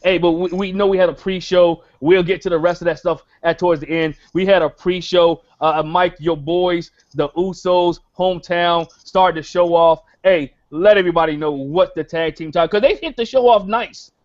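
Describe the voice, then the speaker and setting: A man's voice: a little high, flat delivery, normal speed, few pauses. A man hosting a wrestling podcast, hyping it up like an announcer and repeating phrases. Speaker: podcast host. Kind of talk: show-opening podcast chat. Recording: dull lo-fi call audio.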